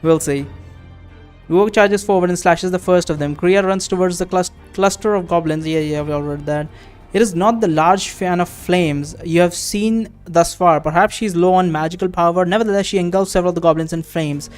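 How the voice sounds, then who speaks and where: A game streamer with a high voice plays a text adventure at a fairly quick pace, soft music behind him. He reads the game's passages aloud for a let's-play and chats casually between them, swearing offhandedly as he thinks out loud.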